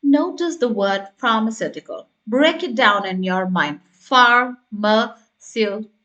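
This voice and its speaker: A woman teaching speaking tips in a scripted tutorial, upbeat and coaching, modelling example sentences slowly. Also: mid-range voice, big pitch swings, a bit bright. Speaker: test prep teacher.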